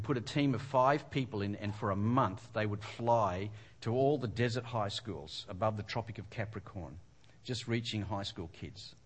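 An older Australian pastor tells his own story to a congregation, and his voice sits a little low. He delivers it as a relaxed, humorous testimony and keeps poking fun at himself. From Western Australia. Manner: humorous, self-deprecating storyteller. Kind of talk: personal testimony talk to a congregation.

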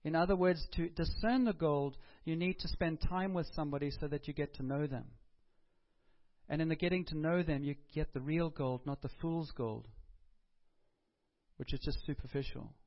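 A man's voice: fairly high pitch, moderate pace, highs cut off. A man preaching a sermon in a conversational way, putting questions to the congregation and taking their answers. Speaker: pastor.

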